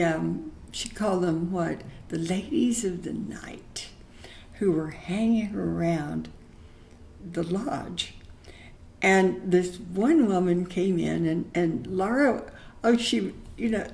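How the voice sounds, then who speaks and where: An older woman recounts a story from her past in a chatty, affectionate manner. She talks slowly, letting the tale unfold at an easy pace. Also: fairly low pitch, expressive, vocal fry, a little mellow. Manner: chatty, affectionate, laughs often. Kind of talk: memoir storytelling.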